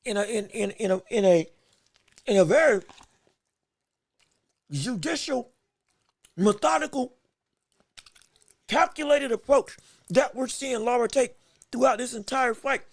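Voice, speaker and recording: On his own livestream, a podcast host calls a fight blow by blow, excited and repeating himself, restarting phrases, hiccuping, and eating while he talks. His voice is very high and unhurried, with frequent pauses, and the recording is dry.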